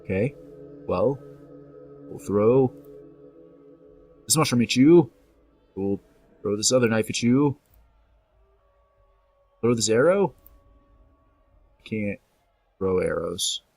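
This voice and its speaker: A man's voice: lowish voice, lively intonation, slow, gravelly, long pauses, a little mellow. A man casually narrating a video game as he plays, joking with the enemies on screen and reading the game's messages aloud. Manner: playful, talks to enemies, reads game text aloud. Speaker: gameplay commentator. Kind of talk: casual let's-play commentary. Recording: faint game music behind.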